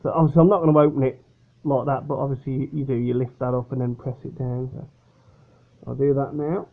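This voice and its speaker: A man's voice: medium pitch, level tone, quick pace, creaky. A young man casually reviewing a beer at home, rambling and chatty and often correcting himself. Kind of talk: casual product review vlog. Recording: tinny phone-like recording.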